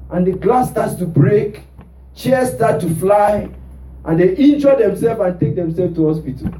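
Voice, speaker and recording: A man's voice: sits high, mellow, recorded from a distance. A male pastor preaching a sermon in a church, prompting the congregation with rhetorical "what?" questions. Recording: roomy church sound from off mic.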